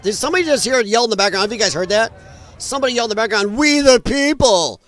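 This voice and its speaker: A man's voice: high-pitched, rapid-fire, a bit bright. A man hosting a live stream, commenting on protest footage in a blunt, mocking and profane way, rambling with frequent restarts. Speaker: livestream commentator.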